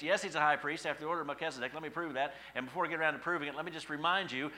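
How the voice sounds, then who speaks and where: Male pastor, bright forceful voice, lively conversational sermon. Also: fairly high pitch, fast talker, few pauses, rough recording. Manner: animated, conversational preaching with rising emphasis.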